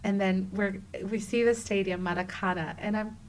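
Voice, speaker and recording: A woman in her thirties, a guest on an interview show, telling a personal story with lively energy and acting out the dialogue. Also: mid-range voice, normal speed, slight background noise, low-quality recording. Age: 30s. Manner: animated, acts out quoted dialogue with many "like"s. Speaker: guest, travel writer.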